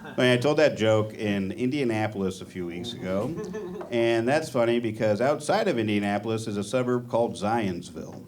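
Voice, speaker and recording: A man doing a stand-up comedy set on a club stage, with a deadpan, self-deprecating delivery. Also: on the low side, brisk, background noise. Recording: live club audience. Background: laughing audience.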